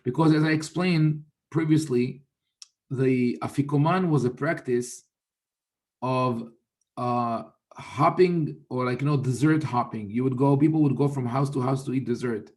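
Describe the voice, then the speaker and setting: A rabbi explaining religious texts in a thoughtful, unhurried teaching manner, often restarting sentences and quoting Hebrew. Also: male voice, mid-range voice, darkish tone.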